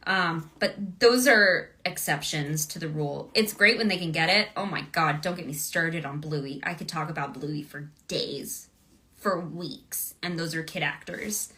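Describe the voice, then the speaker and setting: Bright, bubbly voice actress. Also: female voice, lowish voice. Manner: bubbly, chatty, gushing, laughs often. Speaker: voice actress signing autographs. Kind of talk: casual livestream Q&A chat.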